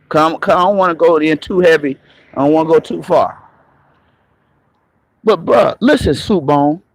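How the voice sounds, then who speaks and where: A man with a raspy voice, an online commentator delivering a confrontational, profane, mocking rant on a live stream. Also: a little high, poor audio. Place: moving around on the go, patchy signal.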